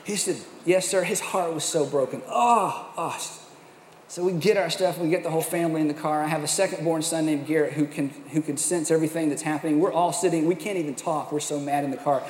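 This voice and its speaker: A middle-aged man, a pastor, telling a personal story in a sermon with animated, self-mocking delivery. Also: a little high, a little fast. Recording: echoey hall, faint room noise.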